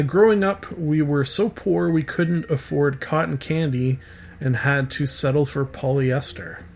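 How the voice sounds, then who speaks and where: A man hosting a podcast, slowly reading out a list of his own one-liners and groaning at the bad ones. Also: mid-range voice, darkish tone. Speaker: podcast host.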